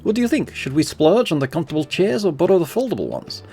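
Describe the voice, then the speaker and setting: Man playing game theatre organizer, higher voice, excited, lively. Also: slightly rough, faint music behind, heavily acted. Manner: excited, fast-talking about plans. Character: enthusiastic young theatre organizer.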